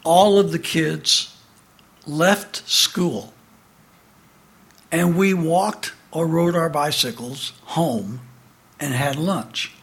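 In a prepared address, a man in his seventies from the American Midwest shares a personal recollection of his childhood. His voice is on the high side, and his animated storytelling swings between emphasis and hushed tones.

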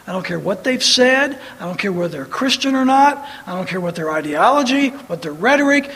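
A man's voice: high voice, fairly bright tone, long reverb tail, poor audio. A man preaching a sermon, quoting scripture and building to emphatic, repeated bursts.

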